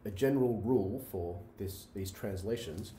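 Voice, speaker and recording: A man with a low, mellow voice gives a university lecture, pausing on fillers and asking "right?" to check understanding. He sounds set back from the mic in a roomy hall, with faint room ambience behind him. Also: recorded from a distance, a little hiss or hum. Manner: talks through examples with frequent "right?" checks and fillers.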